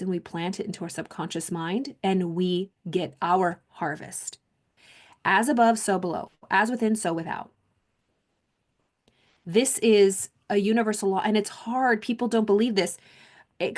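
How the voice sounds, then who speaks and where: Woman coach, reads passages then riffs casually with emphatic repeats; middle-pitched voice. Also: darkish tone. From Southern California. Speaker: mindset coach. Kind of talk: reading aloud and reflecting on a self-help book.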